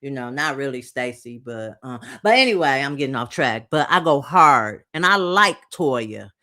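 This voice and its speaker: A woman's voice: very deep voice, animated, normal speed, pushed and bright. A woman from Detroit giving a blunt, profane, slangy casual recap of a reality TV episode.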